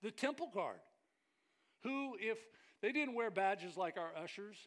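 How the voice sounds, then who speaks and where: Animated, high-voiced male pastor preaching. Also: unhurried. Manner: animated, joking with the congregation. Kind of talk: sermon.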